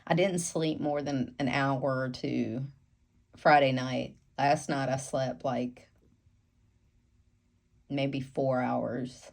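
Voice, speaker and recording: A woman's voice: rumbling low, steady tone, slow pace, vocal fry, pauses often, a little mellow. A woman with a stuffy cold, chatting casually in a rambling way with lots of ums as she shows her planner at home. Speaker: planner vlogger. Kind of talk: casual chatty show-and-tell. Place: home room with ring light and window.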